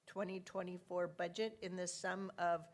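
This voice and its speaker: A woman's voice: on the low side, flat delivery, moderate pace. A woman with a cough chairing a public board meeting, courteous and procedural. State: has a cough.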